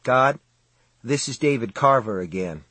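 A man voicing a frightened young boy in an audiobook, praying in a pleading, hushed way, with a husky voice. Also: mid-range voice, lively intonation, a little slow, dry recording, exaggerated voice.

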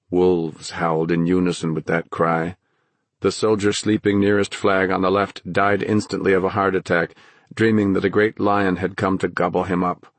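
A man narrating a fantasy audiobook in a measured, dramatic storytelling manner. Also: sits low, no echo.

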